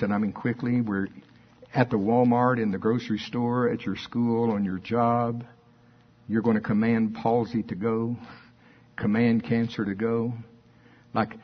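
Husky-voiced man preaching a sermon. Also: medium pitch, lo-fi sound. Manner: fervent, reads scripture aloud.

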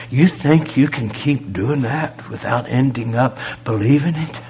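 A man preaching a sermon, pressing rhetorical questions and swinging from loud emphasis to a near-whisper. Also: medium pitch, measured pace, few pauses, breathy edge.

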